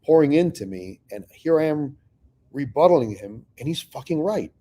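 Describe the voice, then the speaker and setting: Middle-aged man, warm mellow voice, casual storytelling, swears freely, acts out the dialogue. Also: fairly high pitch, moderate pace. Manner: profane, animated storyteller acting out dialogue. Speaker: real estate investor telling his story.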